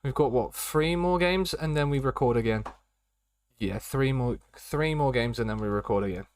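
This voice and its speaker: A man's voice: mid-range voice, slight background noise. A young man chatting casually as he streams a football management game, rambling and repeating his catchphrases. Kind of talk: casual live-stream commentary.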